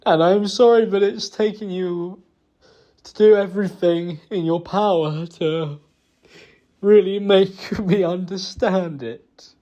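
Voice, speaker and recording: A young man giving a halting, self-reproachful personal apology, emotional and close to tears, hesitating with many fillers. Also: high-pitched, steady tone, mellow. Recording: dull lo-fi recording.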